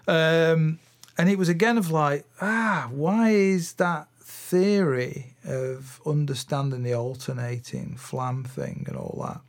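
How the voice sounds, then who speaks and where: A middle-aged man, a drum teacher, chatting casually on his podcast, rambling and thinking aloud with fillers and restarts, sometimes counting out drum patterns. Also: fairly high pitch. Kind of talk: casual solo podcast chat.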